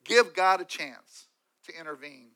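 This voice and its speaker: A man preaching a sermon, swinging from loud emphatic lines to quiet asides. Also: sits high, expressive, unhurried, clear, resonant tone, poor audio. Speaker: pastor.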